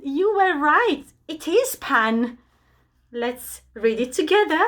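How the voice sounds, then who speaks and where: A woman teaching preschool children, gentle and encouraging as she leads a reading game. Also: high-pitched, lively intonation, slow pace, pauses often. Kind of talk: children's lesson.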